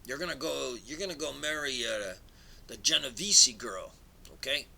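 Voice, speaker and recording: A man putting on a bossy male mob boss who bullies a younger relative with halting threats. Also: medium pitch, creaky, pushed and bright, voice pushed up, exaggerated voice, rough recording. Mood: threatening. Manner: threatening, commanding, halting with fillers.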